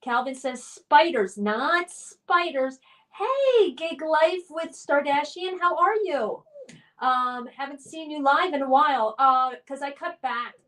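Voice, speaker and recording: A woman's voice: high voice, slow, a bit bright, recorded from a distance. A woman hosting a casual live stream game, reading out viewers' comments and cheering them on. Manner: reads viewer comments aloud, cheerful and encouraging.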